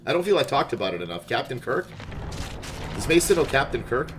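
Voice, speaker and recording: A man's voice: mid-range voice, very animated, brisk, background noise. A young adult man from Montreal, live-streaming a game and chatting casually and jokingly with his chat. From Montreal, Canada. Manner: chatty, jokey, reads and answers chat.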